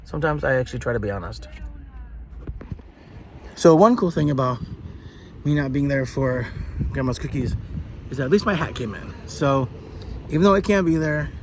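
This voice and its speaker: A man's voice: mid-range voice, animated, moderate pace, pauses often, slight background noise. A man talking candidly in a personal vlog, sounding frustrated and blunt, with frequent swearing. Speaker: vlogger. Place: partly outdoors in summer heat.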